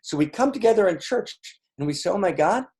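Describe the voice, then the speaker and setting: A man's voice: sits high, animated, brisk, darkish tone. A man giving an impassioned spiritual teaching on a video call, emphatic and often checking in with his listeners. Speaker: teacher leading an online session.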